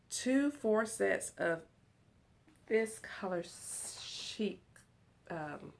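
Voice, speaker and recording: A woman vlogging from her lounge room at home, chatting excitedly and giggling as she talks to her viewers. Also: mid-range voice, gravelly. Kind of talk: casual chat to viewers.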